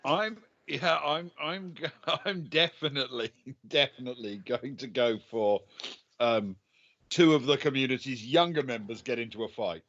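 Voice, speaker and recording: A man playing a tabletop game in a put-on Cockney accent, halting and dry, with short replies. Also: medium pitch, a bit bright, highs cut off.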